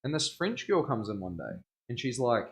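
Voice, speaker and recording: Here a young tattoo artist chats on his live stream while working in the studio, his mid-range voice very animated at a normal speed. He laughs a lot and uses plenty of slang in this casual talk.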